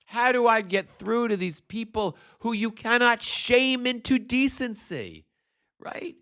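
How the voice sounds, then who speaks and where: A man's voice: very high voice, lively intonation, a little slow, bright, forceful tone. A man hosting a political livestream, speaking with impassioned, profane emphasis through a congested, drippy voice. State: congested with postnasal drip. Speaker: livestream host.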